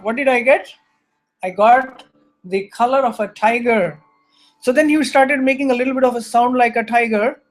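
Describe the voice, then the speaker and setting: A man teaching a scripture lesson, telling animated stories and acting out the characters in them. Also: very high voice, normal speed, faint music behind. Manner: animated storyteller, acts out characters. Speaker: spiritual teacher.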